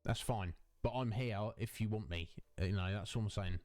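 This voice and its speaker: A man hosts a casual Twitch live stream on a headset mic, answering his viewers' chat in a chatty, rambling way. His voice is fairly low and a little mellow, at a normal speed.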